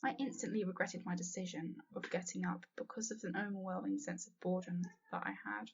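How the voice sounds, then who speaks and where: A woman's voice: fairly low pitch, steady tone, fairly quick, slight background noise. A woman reading a first-person fanfiction story aloud, earnest and sometimes dropping to a whisper. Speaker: fanfiction reader. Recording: dull lo-fi home recording.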